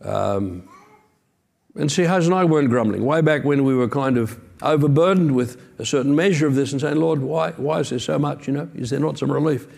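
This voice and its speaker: A man's voice: medium pitch, a little fast, gravelly, a little mellow. A man preaching a sermon as pastor, earnest and emphatic, with conversational asides.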